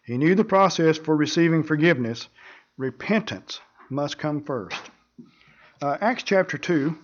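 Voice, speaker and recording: A male preacher delivers his sermon in an earnest, measured way, now and then stumbling over and repeating a word. His voice sits slightly on the high side. The recording sounds dull and low in fidelity. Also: animated. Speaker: pastor.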